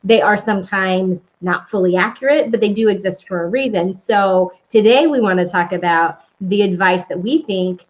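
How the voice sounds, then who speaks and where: A woman with a Southern US accent hosting a casual writing chat, effusive and quick to laugh. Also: mid-range voice, muffled recording. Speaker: host.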